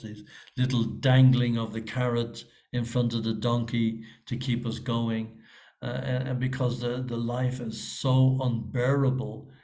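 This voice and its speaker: A man's voice: medium pitch, warm tone. A rambling man giving a class. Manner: conversational, rambling, frequent fillers and restarts. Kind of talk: reflective scripture class, answering a question.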